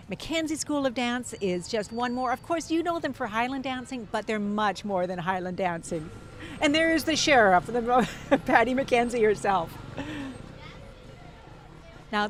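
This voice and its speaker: A woman giving lively live commentary at an outdoor street parade, exclaiming at what passes by. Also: a little high, a little hiss or hum. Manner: enthusiastic, exclaiming. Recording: music playing behind.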